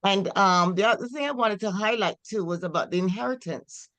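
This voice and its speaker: A woman sharing her thoughts with a study group on a video call, upbeat with pauses and fillers. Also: medium pitch, fairly bright tone. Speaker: Bible study group member. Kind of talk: casual sharing.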